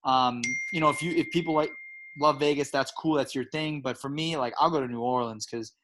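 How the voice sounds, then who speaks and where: A man's voice: medium pitch, fairly even intonation, brisk, background noise. A middle-aged man from Chicago with a Chicago accent, chatting casually as a guest with lots of restarts and enthusiasm. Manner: enthusiastic, rambling with many restarts. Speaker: guest, home pizza maker. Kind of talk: casual chat.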